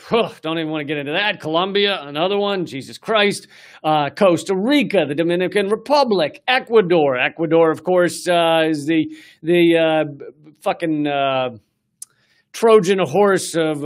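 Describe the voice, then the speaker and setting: Man, comedy news host, sarcastic profane rant, slightly high voice. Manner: sarcastic, profane, animated, with frequent fillers. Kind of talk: ranting political comedy monologue.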